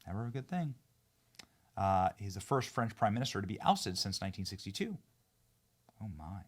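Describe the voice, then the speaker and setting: A man hosting a political commentary show, talking excitably with sarcastic asides. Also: normal speed. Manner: excitable, sarcastic, swings between loud outbursts and low asides.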